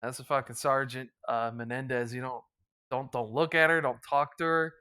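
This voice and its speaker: A man's voice: mid-range voice, steady tone, moderate pace, bright, forceful tone, clear, resonant tone. A young man from the US East Coast hosting a podcast, telling crude, joking stories in casual chat. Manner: crude, laughing storyteller. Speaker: podcast host.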